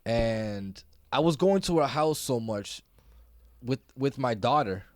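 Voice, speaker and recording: A man's voice: medium pitch, expressive, slow, a little mellow, dry recording, studio quality. A man hosting a podcast, telling a loose, profane story and laughing often. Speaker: podcast host. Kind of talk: casual chat.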